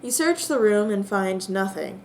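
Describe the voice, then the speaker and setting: A young woman narrating a text adventure game with bemused, drawn-out comic disbelief. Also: medium pitch, animated, a little mellow, slight background noise. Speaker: player and narrator.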